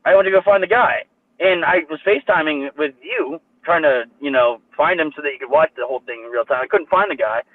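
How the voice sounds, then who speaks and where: A man's voice: a little high, fast talker, no echo. A young man telling a long, profane, rambling story in casual chat, full of fillers. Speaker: co-host. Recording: tinny phone-like line, dry.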